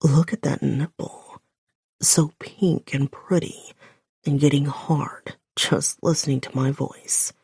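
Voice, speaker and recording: Woman doing a growling, raspy commanding man. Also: fairly even intonation, warm tone, no echo, studio quality, full character voice. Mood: low commanding. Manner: slow, low, commanding.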